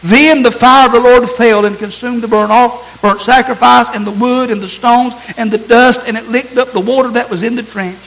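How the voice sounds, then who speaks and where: A man's voice: very high voice, steady tone, moderate pace, few pauses, a bit bright, poor audio. A man preaching a sermon, reading scripture aloud and repeating phrases for emphasis.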